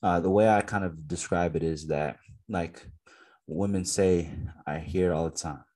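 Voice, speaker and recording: A man's voice: low-pitched, moderate pace. A man co-hosting a casual podcast, talking emphatically and asking lots of rhetorical questions. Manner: emphatic, animated storytelling with frequent rhetorical questions. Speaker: podcast co-host.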